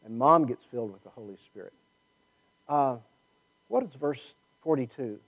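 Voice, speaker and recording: A man teaching a Bible class in a conversational way, thinking out loud and putting questions to his listeners. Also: medium pitch, animated, moderate pace, poor audio.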